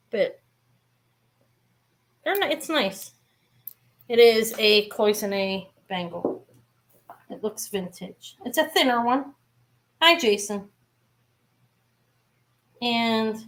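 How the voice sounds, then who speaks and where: A woman's voice: medium pitch, a bit bright. A middle-aged woman chatting casually as she sells jewelry in a live-stream auction, rambling with asides.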